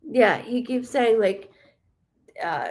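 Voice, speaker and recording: A woman's voice: fairly high pitch, slow pace. Chatty woman hosting a live psychic reading. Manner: chatty, rambling, animated, many fillers. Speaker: psychic medium host. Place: warm room with a window open.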